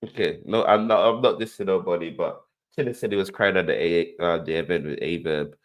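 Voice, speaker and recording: A man's voice: low-pitched, a little fast. A man hosting a reaction show, playful in his commentary and given to repeating phrases and acting out scenes. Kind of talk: animated commentary.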